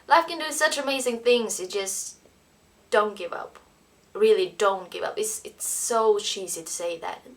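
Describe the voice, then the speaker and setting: Earnest young Swedish woman with gravelly fry. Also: medium pitch, unhurried. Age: 20s. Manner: emotional, earnest, non-native phrasing with frequent fillers. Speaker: vlogger. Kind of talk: personal storytelling vlog. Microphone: camera mic.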